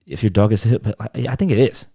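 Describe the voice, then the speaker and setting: A man's voice: on the low side, fast, creaky, dark tone, slightly rough, no echo, clean studio sound. A young man co-hosting a podcast, telling a rambling story in slangy, profane casual chat full of fillers. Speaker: podcast co-host.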